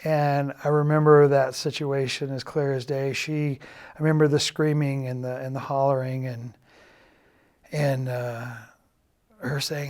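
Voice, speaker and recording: A middle-aged man giving a halting, earnest confessional testimony, often dropping to a quiet, subdued tone. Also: mid-range voice, little pitch movement. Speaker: church member giving a personal testimony.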